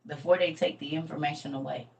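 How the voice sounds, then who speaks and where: A woman's voice: low-pitched, fairly even intonation, fast, dull audio. A middle-aged woman, rambling and folksy as she hosts a casual livestream lesson. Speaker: livestream host and teacher. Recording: distant mic with faint background noise.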